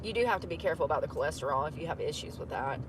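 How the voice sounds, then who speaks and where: Filmed while driving, a woman with a low voice rants very fast and animatedly, chatty, profane and rambling, with drawling asides. Traffic and outdoor noise can be heard in the clip.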